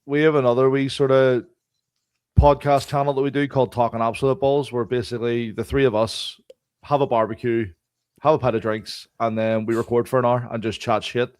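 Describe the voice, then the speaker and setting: A man's voice: mid-range voice, level tone, a little fast, a little mellow, clear, resonant tone, dry recording. A man co-hosting a podcast, telling anecdotes in casual chat and laughing between lines. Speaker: podcast co-host.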